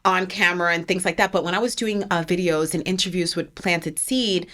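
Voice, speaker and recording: A woman in her forties with a New Jersey accent, co-hosting a podcast in an animated, emphatic chat that repeats words. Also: fairly low pitch, brisk. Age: 40s. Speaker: podcast co-host. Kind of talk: casual chat.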